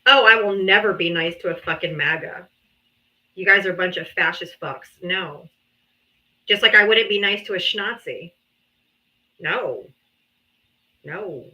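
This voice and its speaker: A woman hosting a live debate stream speaks in a mid-range, pushed and bright voice, captured in a rough recording. Her talk in the heated live debate chat is mocking, profane, and exasperated.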